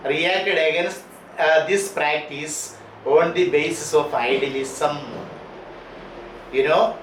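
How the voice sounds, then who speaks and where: A man with an Indian English accent lectures a class at a slow, patient pace, repeating each key term and spelling some out letter by letter. His voice sits a little high for a man. The room is echoey, with a faint hiss underneath. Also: a bit bright. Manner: repeats and spells out key terms, frequent uh and you know. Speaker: teacher.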